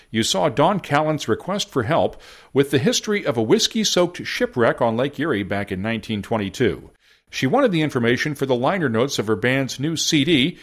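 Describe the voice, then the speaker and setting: A man's voice: medium pitch, a bit bright. A man from the United States hosting a podcast, reading a script in a wry, self-deprecating way. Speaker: podcast host.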